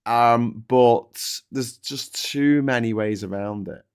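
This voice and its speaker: A man's voice: mid-range voice, takes it slowly, smooth. A man hosting a casual political chat show, sarcastic and sweary, slipping into mocking voices. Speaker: podcast host.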